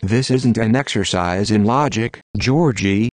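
A man's voice: on the low side, unhurried, dry recording, close to an everyday voice. A man voicing an earnest, proper female literature teacher in an audiobook. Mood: measured. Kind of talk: audiobook narration of literary fiction.

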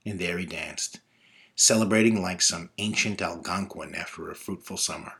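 Man, lowish voice, reflective first-person storyteller, measured delivery. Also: vocal fry, fairly bright tone.

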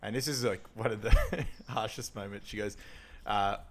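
A man's voice: lowish voice, normal speed. A man co-hosting a casual film recap podcast, laughing often and quoting lines from the film. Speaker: podcast co-host.

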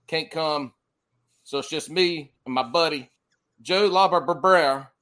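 A man's voice: on the high side, fairly even intonation, unhurried, bright, forceful tone. A man with a Southern US accent hosting a podcast in loose, joking casual chat, swearing freely. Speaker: podcast host.

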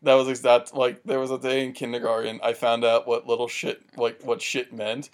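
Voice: mid-range voice, little pitch movement, moderate pace. Rambling co-host telling stories. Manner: rambling, filler-heavy, tells stories. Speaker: podcast co-host. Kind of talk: casual chat.

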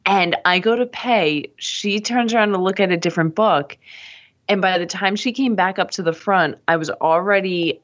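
A woman's voice: medium pitch, moderate pace. A woman co-hosting a podcast, chatting casually with a teasing, giggly manner. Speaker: podcast co-host. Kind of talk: casual chat. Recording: dull lo-fi audio.

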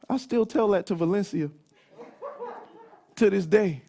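A man in his thirties preaching a sermon, telling stories in an animated way that climbs into shouts. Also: high voice, unhurried, creaky, long pauses. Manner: animated storytelling, rising to shouts. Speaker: pastor.

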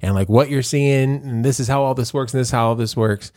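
Speaking fast in a medium, slightly mellow pitch, a man co-hosts a podcast and tells meandering stories full of laughter and restarts. The recording is dry and studio quality.

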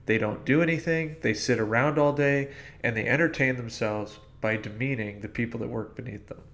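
Gravelly-voiced man discussing a movie. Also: medium pitch, brisk, fairly bright tone. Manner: explains from what he has read. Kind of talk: casual film discussion.

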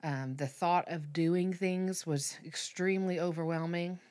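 A woman in her thirties, a podcast guest telling a personal story candidly, with halting restarts and fillers. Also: on the low side, fairly even intonation, a little mellow.

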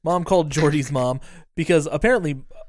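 A man's voice: a little high, a little fast, no room sound, clean studio sound. A man co-hosting a podcast, casually recapping a movie scene by scene, acting out the characters' lines, laughing and swearing as he goes. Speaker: podcast co-host.

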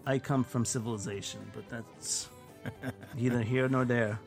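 A man's voice: medium pitch, fairly even intonation, a little slow, faint music behind. A man co-hosting a casual podcast roundtable who teases the others with wry jokes. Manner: teasing, wry. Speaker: podcast co-host.

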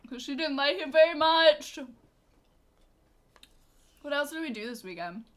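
A woman's voice: high-pitched, lively intonation, unhurried, a bit bright. A young woman co-hosting a podcast in casual chat, talking in a playful, teasing way and filling her talk with "like". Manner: chatty, full of "like" fillers, playful teasing. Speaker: podcast co-host.

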